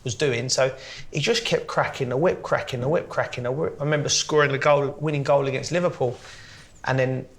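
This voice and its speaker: A man's voice: medium pitch, steady tone, brisk, creaky. A man in his forties with a London accent, a guest swapping stories in a casual chat and breaking into laughter often. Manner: laughing storyteller, mimics voices in quotes. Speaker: guest, former footballer.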